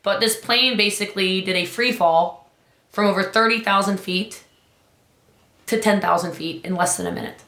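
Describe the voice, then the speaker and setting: A woman business coach giving an urgent motivational talk, her voice climbing high on key points. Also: normal speed, bright, forceful tone, roomy sound.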